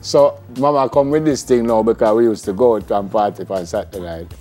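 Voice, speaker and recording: A man's voice: lowish voice, a little fast, faint music behind. A Jamaican man hosting a morning show, telling childhood stories in casual chat and laughing often. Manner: lively storytelling, laughs often.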